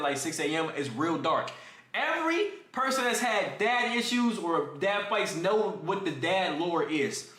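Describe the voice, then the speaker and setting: Talking right to his viewers, a young man on stream animatedly tells a casual, slangy story to his live chat. The sound is reverberant, and his voice is fairly high with a fairly bright tone.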